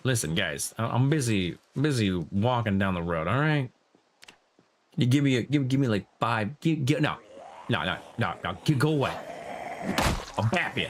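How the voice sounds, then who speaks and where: A man giving casual gameplay commentary in a low, muttering, laid-back way. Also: animated, moderate pace, a little hiss or hum. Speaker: gamer.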